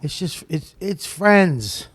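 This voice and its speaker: A man tells stories as a comedian guest in a relaxed interview, with plenty of swearing. He gets animated and acts out what other people said. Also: a little high, slow pace, slightly rough. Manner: profane, animated storyteller who acts out quotes. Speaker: stand-up comic guest. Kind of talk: casual storytelling interview.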